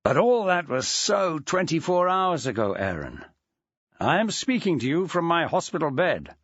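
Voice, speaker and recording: A man's voice: on the high side, sing-song, moderate pace, fairly bright tone, no echo, lo-fi sound, exaggerated voice. A man reading an audiobook, voicing a wry, theatrical male schoolteacher with a dry, mock-grand way of talking. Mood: sardonic.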